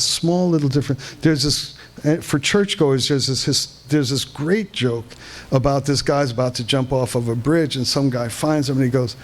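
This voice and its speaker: Indoors at a veterans hall, a man with a medium-pitched voice delivers a live conference lecture to an audience. He halts and restarts often, putting questions to the room.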